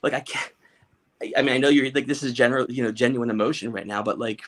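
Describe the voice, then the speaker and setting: A man's voice: medium pitch, fairly even intonation, quick pace. A man, a podcast guest, recounting a personal story in an emotional, emphatic way, often restarting and repeating words. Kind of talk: conversational storytelling.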